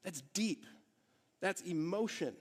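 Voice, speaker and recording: A man's voice: high-pitched, expressive, slow pace, husky. A male pastor preaching a sermon to his church in a conversational way, asking the congregation rhetorical questions. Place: church service in a theatre hall.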